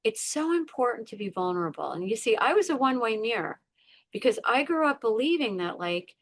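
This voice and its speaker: A woman's voice: on the high side, very animated, a little fast. A middle-aged woman, a podcast guest, sharing a personal story in conversation with earnest emphasis, repeating words and acting out her inner voices.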